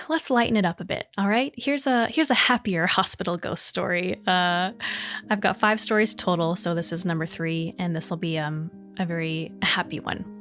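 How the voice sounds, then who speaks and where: A woman's voice: on the low side, a bit bright. A young woman hosting a podcast, telling personal ghost stories casually with many fillers and asides. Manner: rambling, lots of fillers, emotional at times. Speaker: podcast host.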